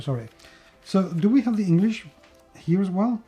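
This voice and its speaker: A man's voice: high-pitched, lively intonation, normal speed, lo-fi sound, soft background music. Chatty Spanish-accented man unboxing a game. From Spain. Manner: chatty and enthusiastic, with many fillers and restarts. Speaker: board game reviewer. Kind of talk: casual unboxing video.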